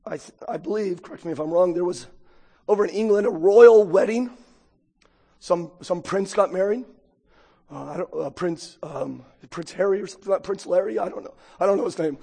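A man's voice: high-pitched, gravelly, warm tone, breathy edge. A man preaching a sermon as pastor, chatty and joking, often asking the congregation "right?". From United States. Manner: conversational, joking, keeps asking the crowd "right?". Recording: long hall reverb.

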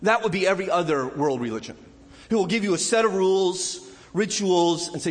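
Pastor guy preaching a sermon, slightly high voice, goes quiet then really loud, long church echo. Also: a little fast. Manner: preaching with wide swings from hushed to loud and high.

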